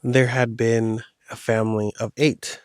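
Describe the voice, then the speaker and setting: A man's voice: mid-range voice, level tone, measured pace, no room sound, clean studio sound. A man hosting a podcast, telling a horror story in a loose, casual way with slang. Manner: loose, rambling retelling with slang.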